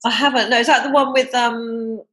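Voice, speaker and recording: A woman hosting a podcast in casual chat, supportive and quick to agree. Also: a little high, fairly even intonation, fairly bright tone. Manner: supportive, frequent agreeing interjections. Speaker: podcast host.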